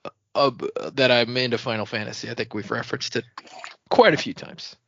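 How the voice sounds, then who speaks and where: A man's voice: medium pitch, fairly even intonation, brisk, creaky, a bit bright, slight background noise. A man co-hosting a podcast, chatting casually about a book and laughing often. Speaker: podcast co-host. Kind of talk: casual book-club chat. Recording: dull, dry home-mic sound.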